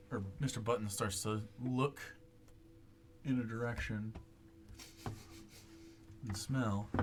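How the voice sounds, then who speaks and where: A man narrating as game master, rambling with many fillers while he describes the scene. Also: fairly low pitch.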